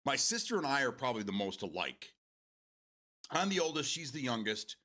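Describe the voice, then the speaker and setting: A man's voice: medium pitch, big pitch swings, fairly quick, bright, forceful tone. A man hosting a live stream, chatting casually with his viewers, swearing freely and drifting off on tangents. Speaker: livestream host.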